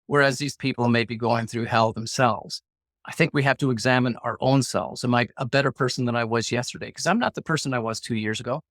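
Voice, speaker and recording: A man's voice: mid-range voice, quick pace, fairly bright tone, no echo. A middle-aged man telling a personal story as a guest in an interview, acting out the competing voices in his head. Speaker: guest, former hostage negotiator.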